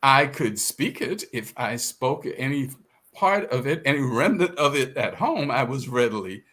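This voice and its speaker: An older man from the South Carolina Sea Islands reflects aloud as an interview guest. His delivery is unhurried and measured, with small restarts. His voice moves through a wide, lively melodic range. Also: mid-range voice. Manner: measured, thoughtful, with hesitant restarts. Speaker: guest author.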